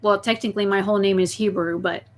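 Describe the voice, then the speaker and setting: A young woman chatting casually on a live stream, reading viewer messages and telling stories with lively outbursts. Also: mid-range voice, quick pace. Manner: chatty, reads viewer messages, talks to her pet snake in a soft baby voice.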